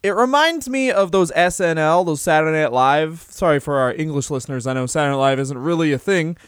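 A man's voice: fairly high pitch, expressive, fairly quick, clear, resonant tone, dry recording, clean studio sound. A man co-hosting a casual comedy podcast, joking and slipping into silly put-on voices for quotes. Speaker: podcast co-host.

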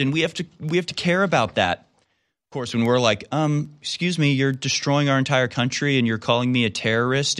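Male talk radio host, sarcastic, ranting, conversational, mid-pitched voice. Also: fairly bright tone. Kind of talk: opinionated talk radio monologue.

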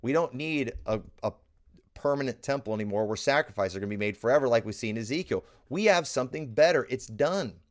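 A man's voice: medium pitch, animated, fast talker. A man, a pastor preaching a Bible teaching who repeats his key lines for emphasis. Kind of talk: sermon-style Bible teaching.

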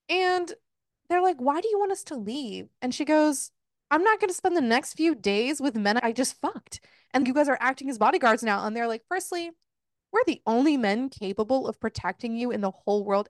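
Animated woman recapping a book. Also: a little high, no echo, studio quality. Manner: animated retelling with profanity and laughs. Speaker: podcast co-host. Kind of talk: casual book recap chat.

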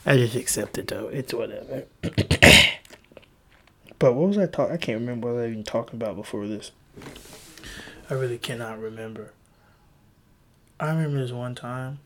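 A man's voice: medium pitch, normal speed, long pauses, bright, forceful tone, slight background noise. A young man rambling on his own podcast from a room at home, self-mocking, loose and profane. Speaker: podcast host. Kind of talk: casual solo podcast rambling.

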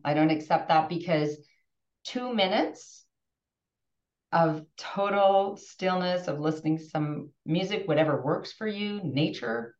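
A woman in her fifties, a podcast guest, talking in a casual, animated, emotional way with frequent restarts. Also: deep voice, measured pace. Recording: distant roomy muffled remote audio.

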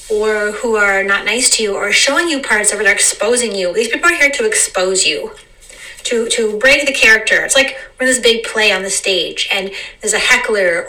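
A woman talking unscripted in a meandering, reflective monologue, repeating phrases and slowing down to stress words. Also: mid-range voice, pushed and bright, distant mic, poor audio. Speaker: vlogger.

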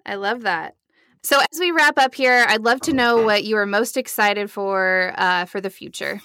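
A woman's voice: medium pitch, normal speed, pushed and bright. A young woman hosting an interview, encouraging her guest with short affirmations and questions. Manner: encouraging, affirming, frequent mm-hmms. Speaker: podcast host.

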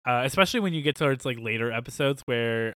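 A man co-hosting a podcast in casual chat, animated and laughing often, with loose filler words. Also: mid-range voice, fast talker, dry recording. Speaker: podcast co-host.

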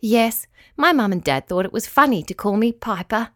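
A woman's voice: medium pitch, expressive, normal speed, fairly bright tone, no echo, natural voice. Friendly young female blackbird for a storybook, read by a woman, dry close mic.

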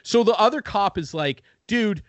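A man's voice: on the high side, normal speed, dry recording. A man hosting a podcast, telling a story in casual chat, acting out the people in it and swearing freely. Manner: animated storytelling, acting out quoted people, profane. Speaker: podcast host.

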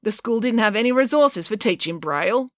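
A woman's voice: a little high, expressive, brisk, a bit bright, no room sound, pitched above the performer's own voice. A woman reading a storybook aloud and voicing a blind teenage boy who answers in a matter-of-fact, dry way.

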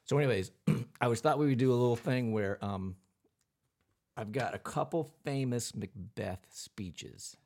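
A man's voice: mid-range voice, measured pace, darkish tone. A man co-hosting a podcast in a studio, chatting casually and rambling with fillers. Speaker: podcast co-host. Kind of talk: casual chat.

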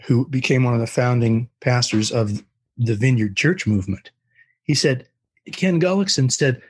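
Man, older, husky, guest storyteller, animated, does the voices of the people he quotes. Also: medium pitch, moderate pace. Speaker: interview guest. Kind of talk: storytelling anecdote in an interview.

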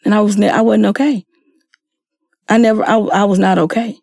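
A woman's voice: medium pitch, fairly even intonation, a little fast, gravelly, darkish tone, no room sound, studio quality. Earnest woman with a drawl. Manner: earnest, acts out quoted people with raised voice. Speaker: guest sharing her story. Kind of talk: emotional personal testimony.

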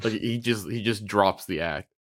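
A man's voice: medium pitch, animated, brisk, fairly bright tone. A man co-hosting a podcast, chatting casually, arguing his point insistently, laughing often and swearing. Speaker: podcast co-host. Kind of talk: casual chat.

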